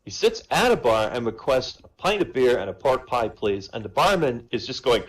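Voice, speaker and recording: A man's voice: medium pitch, big pitch swings, normal speed, rough recording. A man telling long joke stories in a casual, chatty way at a comedy show.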